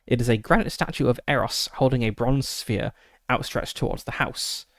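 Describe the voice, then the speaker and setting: Gravelly man reading a solo adventure. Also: medium pitch, normal speed, no room sound, clean studio sound. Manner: steady descriptive reading with frequent "uh" fillers. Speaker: streamer running a solo tabletop game. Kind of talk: reading a gamebook aloud with asides.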